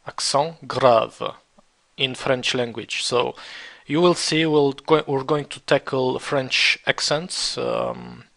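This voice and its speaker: A man teaching a beginner French lesson, repeating words slowly and spelling them out letter by letter. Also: medium pitch, fairly even intonation, vocal fry, a bit bright. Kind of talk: slow beginner language lesson.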